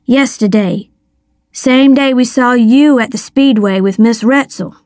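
A timid young boy who stammers and pleads, his voice pitched up and anxious, as a woman reader plays him. He talks slowly, read close and dry as in a storybook. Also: darkish tone, dry recording, natural voice. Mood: nervous.

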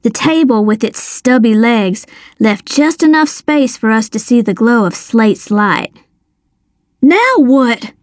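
A woman narrating a first-person adventure story with measured suspense. Her voice sits fairly high and moves slowly. The close studio sound is dry, with no room in it. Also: expressive, dry recording. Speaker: audiobook narrator.

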